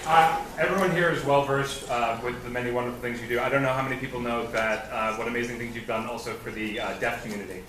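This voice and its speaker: A hesitant man stumbles through earnest thanks from the audience floor. His voice carries across a cavernous, echoing hall, picked up from a distance, with clear background hiss. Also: medium pitch, fairly even intonation, fast, hardly any pauses. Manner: hesitant, full of ums, earnest. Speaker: fan asking a question. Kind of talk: halting audience question. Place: large convention hall. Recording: echoey hall recorded from far off with hiss.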